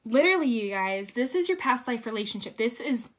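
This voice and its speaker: A woman giving a casual tarot reading, excitable and swearing, breaking into shrieks and laughter. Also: fairly high pitch, fairly quick. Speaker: tarot reader.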